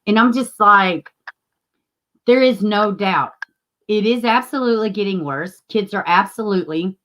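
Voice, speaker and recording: A woman's voice: medium pitch, fairly bright tone. A woman, casually chatting with viewers as a livestream host and greeting them by name. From Tennessee, US.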